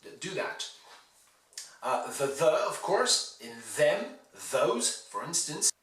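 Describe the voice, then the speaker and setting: A male teacher giving a pronunciation lesson, saying words slowly and stressing each syllable with care. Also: fairly high pitch, big pitch swings, a bit bright. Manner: slow, deliberate, exaggerated stress on words. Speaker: university English teacher. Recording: roomy, from a distance off mic.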